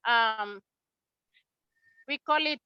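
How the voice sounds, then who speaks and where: A woman from Guinea, hosting an online webinar and warmly praising attendees one by one. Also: on the high side, extremely slow, clear, resonant tone, dry recording. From Papua New Guinea. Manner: effusive, praising, rallying. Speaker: webinar host. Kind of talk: upbeat online webinar shout-outs. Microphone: video call. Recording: muffled lo-fi video call audio.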